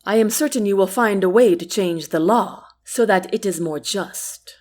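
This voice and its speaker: A woman voicing a calm, kind young prince in an audiobook, speaking softly and earnestly. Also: medium pitch, moderate pace, lightly acted. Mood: gentle. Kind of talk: audiobook character reading.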